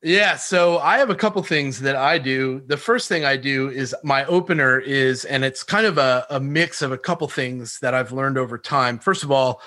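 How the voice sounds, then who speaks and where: A man sharing cold-calling tactics in an interview, animated, laughing often and acting out both sides of phone calls. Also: mid-range voice, moderate pace, hardly any pauses, no room sound, clean studio sound. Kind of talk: energetic sales talk with acted-out call examples.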